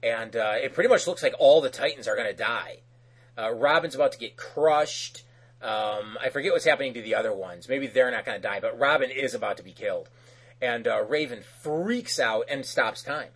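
A man with a slightly husky voice recapping a cartoon episode for a podcast. His talk is loose and animated, with plenty of fillers. He acts out the characters' lines as he goes. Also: medium pitch, moderate pace, low-quality recording. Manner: loose, with frequent fillers and restarts. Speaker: podcast co-host. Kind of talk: casual episode recap chat.

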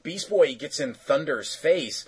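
A man's voice: a little high, lively intonation, measured pace, a little mellow, slightly rough, rough recording. A man casually recapping a cartoon episode, rambling with lots of fillers and self-corrections.

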